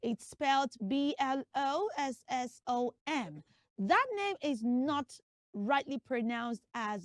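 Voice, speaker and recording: High-voiced woman hosting a kids' lesson. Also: slow, no room sound, clean studio sound. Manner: lively, sing-song, drills children with call and repeat. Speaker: children's show host. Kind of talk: teaching children's pronunciation lesson.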